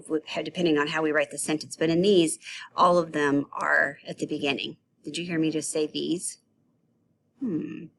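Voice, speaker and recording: A woman with a low voice teaches a children's grammar lesson on video, playful and lively as she acts out the example sentences.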